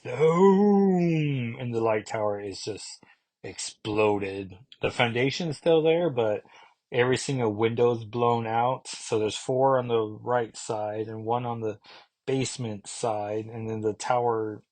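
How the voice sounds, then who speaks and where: A man's voice: on the low side, fairly even intonation, a little slow, darkish tone. A man casually recapping a comic book issue, rambling along with many asides. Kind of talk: casual comic review vlog.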